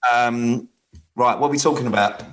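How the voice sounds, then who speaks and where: A man's voice: mid-range voice, normal speed, fairly bright tone, rough recording. Hesitant man co-host. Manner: hesitant, full of ums, wry. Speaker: podcast co-host. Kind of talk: casual podcast chat.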